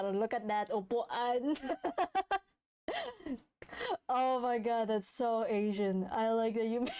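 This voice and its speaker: Playful, mellow-voiced woman streamer. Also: medium pitch. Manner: playful, laughs often, swears casually. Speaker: VTuber streamer. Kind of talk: casual live-stream chat.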